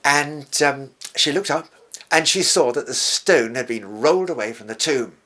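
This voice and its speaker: A man's voice: medium pitch, moderate pace, sharp tone. An older man presenting, retelling a scripture story in an earnest storytelling manner, sometimes dropping to a whisper.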